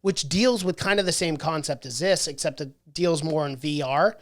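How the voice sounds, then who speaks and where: A mid-pitched voice hosting a casual book club podcast. They ramble through their thoughts and keep restarting and correcting their wording. They laugh easily along the way. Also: normal speed.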